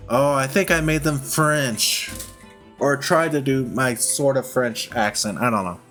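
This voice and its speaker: A man's voice: medium pitch, unhurried, fairly bright tone. A man casually commenting as he plays a story game, self-deprecating and chuckling. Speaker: let's play host. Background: game music.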